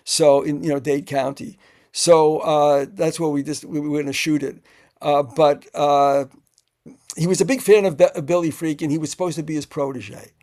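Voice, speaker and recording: A man, a screenwriter being interviewed, tells stories in a halting way, with many fillers, and acts out the quotes. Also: a little high, fairly even intonation, darkish tone. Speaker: screenwriter guest. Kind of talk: anecdotal interview storytelling.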